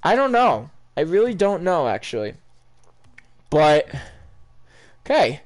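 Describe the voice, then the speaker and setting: A man's voice: on the high side, very animated, slow pace. A young man chatting casually over his gameplay, rambling and talking straight to his viewers. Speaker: gaming YouTuber.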